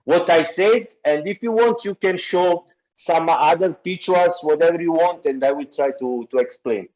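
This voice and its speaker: Halting Italian-accented man, slightly high. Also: darkish tone, dull audio. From Naples, southern Italy. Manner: halting, with many filler sounds. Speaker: guest speaker. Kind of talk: explaining pictures in an online class.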